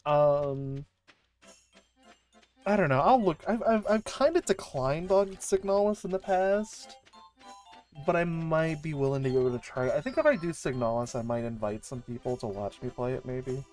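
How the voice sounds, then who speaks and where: A woman streamer chatting casually on a livestream, gushing and excitable, often restarting her sentences. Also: low voice, moderate pace, soft background music.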